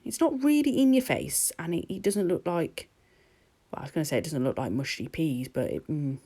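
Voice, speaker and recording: A woman's voice: sits low, expressive, brisk, warm tone, husky. A woman narrating her nail art in a chatty, rambling voice-over recorded at home. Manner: chatty and rambling, with laughs and ums.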